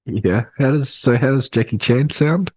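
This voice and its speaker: A man co-hosting a podcast over a remote call, cracking deadpan absurd jokes with lots of fillers. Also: medium pitch, normal speed, slightly rough, no room sound. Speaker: podcast co-host. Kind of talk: casual podcast banter.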